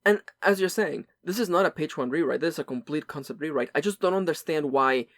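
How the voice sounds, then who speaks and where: Guy co-host talking super fast, tripping over his words, crude jokes, dry close sound. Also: fairly high pitch, a bit bright, no echo. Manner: rapid, stumbling restarts, crude jokes. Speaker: podcast co-host. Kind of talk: casual chat.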